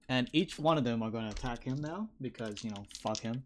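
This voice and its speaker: A man's voice: medium pitch, normal speed, very noisy. Man narrating a tabletop battle. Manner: lively play-by-play narration, sound effects, casual swearing. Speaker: dungeon master.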